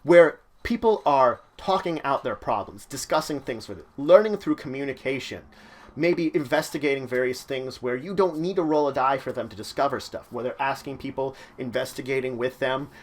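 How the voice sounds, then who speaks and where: Man, mid-pitched voice, casual instructional talk, loose conversational phrasing, channel host. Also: normal speed. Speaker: channel host giving game-mastering advice.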